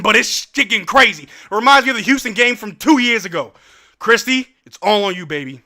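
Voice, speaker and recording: A man hosting a live stream watch-along, giving excitable play-by-play of the game with slang and calling out to his chat from an indoor room. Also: high-pitched, normal speed, creaky.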